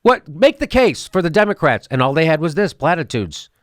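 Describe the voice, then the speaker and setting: A man's voice: fairly high pitch, very animated, brisk, fairly bright tone, no echo, studio quality. A man hosting a political commentary show, ranting sarcastically and laughing as he mocks what he plays. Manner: sarcastic, mocking, laughs often.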